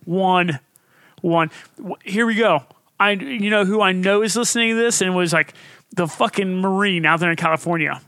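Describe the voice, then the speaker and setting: A man with a high, bright voice co-hosts a casual podcast, cursing constantly and acting out stories with energy. The sound is dry and close, with no room in it. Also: normal speed, no echo. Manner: profane, animated storytelling. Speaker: podcast co-host. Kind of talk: casual chat.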